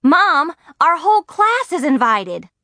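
A woman's voice: on the high side, very animated, normal speed, no echo, clean studio sound. A woman reading a young girl of about twelve who is eager and curious, full of breathless questions and exclamations. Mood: excited.

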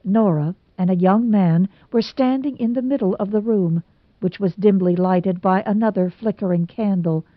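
A woman narrating a storybook in an expressive reading voice. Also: medium pitch, normal speed, no room sound. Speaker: audiobook narrator. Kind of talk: scripted narration. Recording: dull lo-fi recording.

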